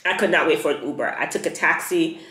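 A woman's voice: deep voice, quick pace, roomy sound. A young woman vlogger telling a travel story in a casual, slangy way, acting out both sides of the conversation. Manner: animated retelling, acts out dialogue, slangy. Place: rented apartment room.

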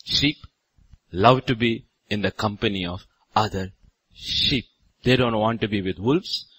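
A man pastor from India preaching a sermon in a church, with sudden loud rises on repeated phrases. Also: on the low side, a little slow, slightly rough, no room sound, poor audio.

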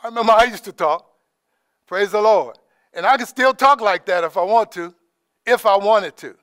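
A man giving an informal, conversational sermon as preacher, dropping in praise asides and trailing off softly. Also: high voice, normal speed, clean tone, no room sound, clean studio sound. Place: church in Alaska.

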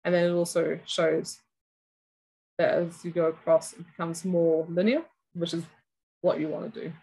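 Nz woman presenting at a conference, lowish voice, walking thru a woven cloak sample. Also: little pitch movement, moderate pace, dark tone, husky, rough recording. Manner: explanatory, walks through a cloak sample step by step. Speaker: educator presenter.

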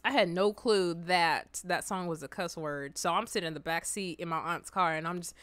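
A young adult woman hosting a reaction video, telling stories in an animated, slangy, exclamatory way. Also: fairly low pitch, normal speed, few pauses, clear, resonant tone, no echo, studio quality. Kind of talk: casual reaction commentary and storytelling.

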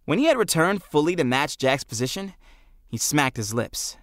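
A man reading an audiobook aloud as narrator, with expressive storytelling. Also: on the high side, moderate pace, no room sound, clean studio sound. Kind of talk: scripted narration.

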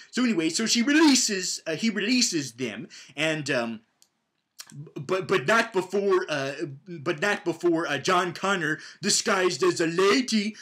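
A young man with a high voice rambles through a comedic movie recap. He stumbles over restarts and piles on fillers as he goes. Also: lively intonation, measured pace, pushed and bright.

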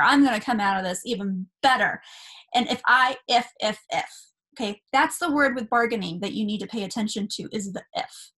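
A woman in her thirties from Southern California talks straight to her camera in a casual, earnest vlog. Her voice sits a little high, and she drifts along with plenty of ums, restarts and you-knows. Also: fairly bright tone. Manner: chatty, many fillers and restarts, earnest. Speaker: spiritual vlogger. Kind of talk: casual spiritual talk to camera.

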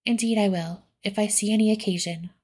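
A woman softly voicing a kind, gentle middle-aged mother in a whispered role-play reading. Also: medium pitch, steady tone, fairly quick, natural voice. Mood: tender. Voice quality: soft, breathy.

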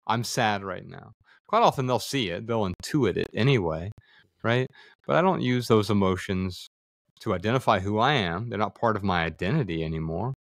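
A man's voice: lowish voice, animated, fairly quick, no room sound, clean studio sound. A man talking thoughtfully as a guest in a conversation, explaining ideas through examples, sometimes restarting a word. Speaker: podcast guest. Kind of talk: reflective conversation.

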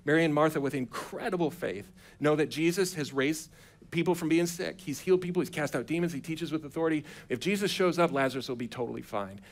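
A man's voice: fairly high pitch, fast talker. Casual storytelling male preacher. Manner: casual storytelling preacher who acts out quotes in a relaxed, modern voice. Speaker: pastor. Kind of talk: sermon. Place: church sanctuary.

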